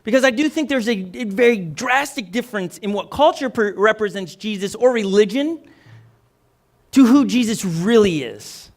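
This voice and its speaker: Pastor guy, really high voice, chatty energetic sermon, keeps restarting sentences. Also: normal speed. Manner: energetic, conversational preaching with restarts.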